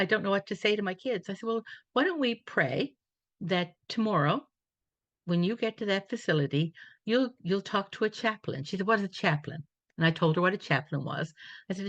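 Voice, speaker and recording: A woman's voice: fairly low pitch, no room sound. A woman speaker on a webinar, telling a personal faith story in a reflective, storytelling way. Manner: reflective storytelling, quoting others in dialogue. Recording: dull dry webinar audio.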